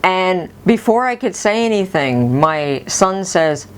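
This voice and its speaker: A middle-aged woman telling a personal story in a casual, animated way, laughing often. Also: lowish voice, takes it slowly, a little hiss or hum.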